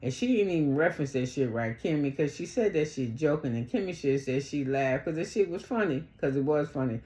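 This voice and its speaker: A woman with a fairly low voice recaps a reality show in blunt, profane casual talk. She jumps her voice up high whenever she acts out what the cast said. The recording has a roomy echo. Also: animated, fairly quick, dark tone. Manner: acts out quotes in a much higher voice.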